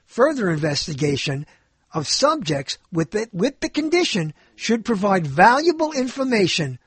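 A man's voice: high voice, very animated, normal speed, breathy edge, no room sound. A male show host talking in a casual, rambling monologue, joking and often stumbling and correcting himself.

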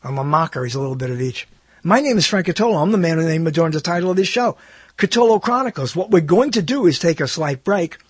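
A man's voice: high voice, lively intonation, fast, husky, no room sound. A man hosting his own talk show, rambling through a casual monologue with many self-interruptions and wry asides. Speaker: host.

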